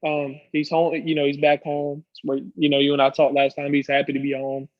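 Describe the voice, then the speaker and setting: A man co-hosting a sports podcast, his voice a little higher than most men's. He makes his points earnestly, stopping and restarting with plenty of ums. The mic sounds dull and very dry, with no room at all. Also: monotone, a little fast, dry recording. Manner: earnest, lots of ums and restarts while making his case. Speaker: podcast co-host. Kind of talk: casual sports podcast chat.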